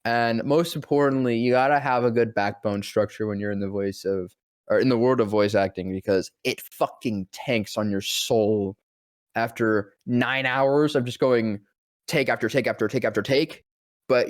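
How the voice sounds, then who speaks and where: A male voice actor spins a loose, rambling anecdote full of swearing. He slips into the lines people said to him as he goes, and his voice sits at an ordinary middle pitch. The sound is dry and close. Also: moderate pace, dry recording. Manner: rambling, profane, acts out quoted lines. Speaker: voice actor guest. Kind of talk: casual storytelling.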